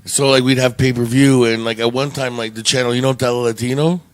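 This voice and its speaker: A man's voice: mid-range voice, fairly even intonation, brisk, dry recording. A man co-hosting a podcast, telling a long rambling story in casual, profane chat with frequent laughs. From Canada. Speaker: podcast co-host.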